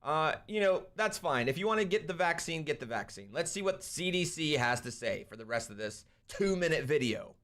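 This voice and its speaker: Young guy streamer going off on a rant, kinda high voice, loud then mumbly. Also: a little fast, hardly any pauses. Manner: ranting, animated, swings loud and soft. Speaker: streamer host. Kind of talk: live-stream commentary.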